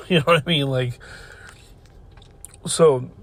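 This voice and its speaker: A man's voice: on the high side, slow pace. Rambling, profane man telling a story. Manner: rambling, profane, laughs often. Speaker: podcast host. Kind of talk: casual storytelling. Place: in a car.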